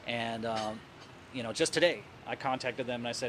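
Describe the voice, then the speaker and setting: A man with a Southern US accent talks casually as an interview guest. He rambles and doubles back on words as he thinks, his middle-pitched voice sitting in a noisy restaurant recording with clear background chatter. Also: normal speed, fairly bright tone. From southern United States. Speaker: guest, news editor. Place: Indian restaurant.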